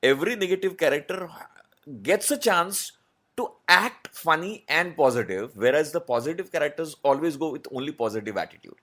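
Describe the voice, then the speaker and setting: A man, a voice artist answering interview questions in a measured, explanatory way with many pauses. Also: a little high, expressive, fairly bright tone. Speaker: voice artist guest.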